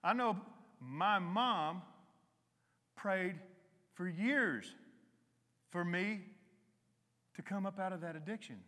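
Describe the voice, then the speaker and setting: A man preaching a conversational sermon to a congregation, with emphatic rises and a soft, slow hymn. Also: sits high, big-room sound. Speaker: lay preacher. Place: church hall.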